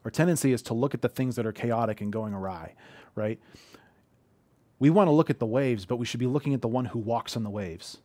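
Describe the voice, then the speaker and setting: A man's voice: medium pitch, fairly quick, darkish tone, dry recording. A man in his thirties giving an earnest, conversational sermon from a living room, telling heartfelt personal stories. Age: 30s. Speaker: pastor.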